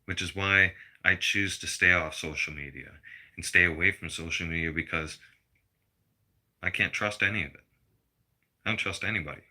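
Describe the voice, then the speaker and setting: A man's voice: sits low, normal speed, long pauses, bright, forceful tone. A middle-aged man delivering a blunt, profane personal rant to his viewers. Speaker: vlogger.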